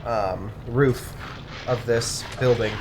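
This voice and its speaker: A man's voice: mid-range voice, fairly even intonation, slow pace, heavy background noise. A young man in casual chat, animatedly retelling a story with asides and swearing while gaming. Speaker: co-host.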